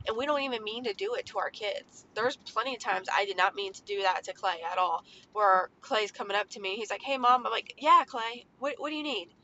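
A woman's voice: mid-range voice, sharp tone. A woman in her thirties hosting a podcast, talking casually about parenting in a rambling, chatty way with lots of fillers. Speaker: podcast host. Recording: slightly dull lo-fi sound with faint background noise.

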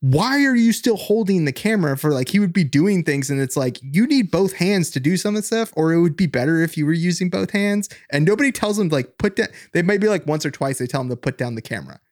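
A man's voice: fairly high pitch, lively intonation, fast, few pauses, darkish tone. A man chatting casually about a film, opinionated and critical, swearing now and then. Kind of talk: casual chat reviewing a film.

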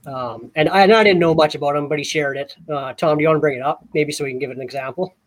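A man co-hosting a casual podcast, telling a story in an animated way with many repeated words. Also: a little high, fast. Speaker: podcast co-host.

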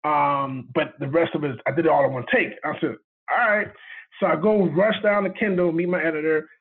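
A man, a video director, tells a story in casual chat, animated and laughing as he acts out what people said. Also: on the high side, brisk, husky. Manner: animated, laughing retelling with quoted dialogue. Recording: tinny phone line.

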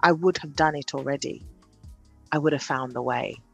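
A woman, talking candidly on her own podcast, swinging from brash self-hype to quiet confession. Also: sits low, normal speed, gravelly, slightly rough, soft background music. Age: 30s. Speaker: podcast host. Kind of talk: candid solo podcast monologue.

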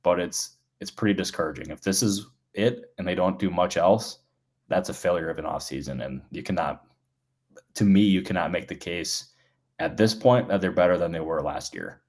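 Male podcast guest, low voice, casual and hedging, plenty of fillers. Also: moderate pace, a little mellow. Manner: conversational, hedging with "like" and "um". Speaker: baseball insider guest.

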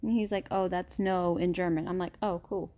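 A woman's voice: fairly low pitch, steady tone, moderate pace, warm tone. A woman hosting a casual podcast, chatty and stumbling over names as she reads. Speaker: podcast host.

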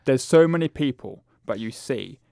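A man's voice: mid-range voice, expressive, normal speed, gravelly, darkish tone, no room sound, studio quality. A man co-hosting a casual chat, laid-back and wry. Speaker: podcast co-host.

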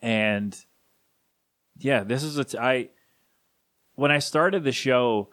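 Grieving man, halting podcast tribute. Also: mid-range voice, fairly bright tone, dry recording, clean studio sound. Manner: halting, rambling, emotional. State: grieving, voice catching. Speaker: podcast host.

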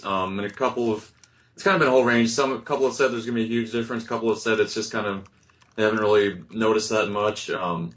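A man on a podcast panel talking in a casual, hesitant way, full of ums and restarts. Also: on the low side. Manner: hesitant, many ums and kinda. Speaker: reporter on the panel.

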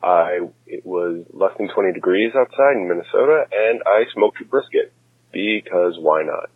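A man's voice: sits low, animated, moderate pace, husky, no room sound. A man leaving a brief, friendly voicemail for a podcast. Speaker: voicemail caller. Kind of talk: casual voicemail message. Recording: tinny phone line.

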